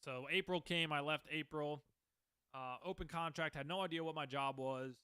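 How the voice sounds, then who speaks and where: A man's voice: on the high side, fairly even intonation, moderate pace, pushed and bright, clean tone, dry recording. A man in his twenties hosting a podcast, telling his own story in a rambling, candid, profane way. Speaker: podcast host. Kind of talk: casual storytelling.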